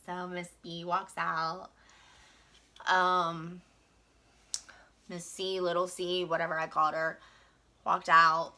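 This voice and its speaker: A young woman vents about her job in a frank, chatty storytime, leaning on little fillers as she goes. Her voice is clear and bright, with a keen edge to it. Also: fairly low pitch, flat delivery, slow pace, long pauses. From West Virginia. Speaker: vlogger. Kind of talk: casual storytime venting.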